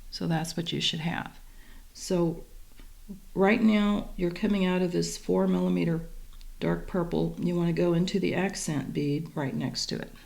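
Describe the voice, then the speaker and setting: A woman calmly guiding viewers step by step through a beading tutorial, describing each move as she works. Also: lowish voice, moderate pace, creaky. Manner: calm, methodical, talks while working. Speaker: beading instructor.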